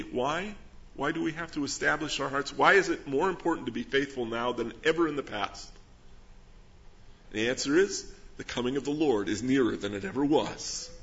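A man's voice: medium pitch, bright, forceful tone. Earnest preaching man, dull lo-fi recording. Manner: earnest preaching with rhetorical questions and scripture reading. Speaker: pastor. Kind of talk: sermon.

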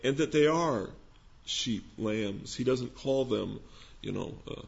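A man preaching a sermon in a gentle, conversational teaching manner, posing questions to his listeners. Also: mid-range voice, slow, vocal fry, muffled recording. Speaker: pastor.

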